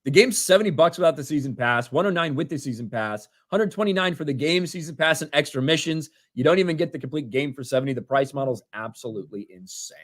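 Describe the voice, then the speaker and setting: A man's voice: on the high side, animated, fast talker, few pauses. A man in his thirties co-hosting a casual livestream, reading out viewer donations and laughing along. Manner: reads names and messages, laughs often.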